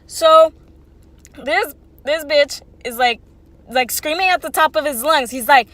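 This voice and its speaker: A woman's voice: high-pitched, unhurried, fairly bright tone, dry recording. A woman in her twenties telling a casual storytime, rambling and swearing freely with lots of "like". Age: 20s. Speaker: vlogger.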